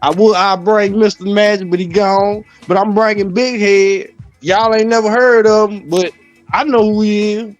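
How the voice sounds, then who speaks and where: Man, high voice, animated casual chat, faint music behind. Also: normal speed, muffled recording. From Louisiana. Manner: animated, laughs often, repeats himself. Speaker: host. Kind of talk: casual live-stream panel chat.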